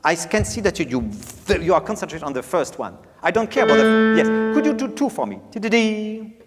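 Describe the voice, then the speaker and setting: Guy teaching piano, sings the notes, bit high voice, long hall echo. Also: quick pace. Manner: animated, sings out phrases, playful. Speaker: piano master class teacher. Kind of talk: master class coaching. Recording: reverberant hall, faint piano.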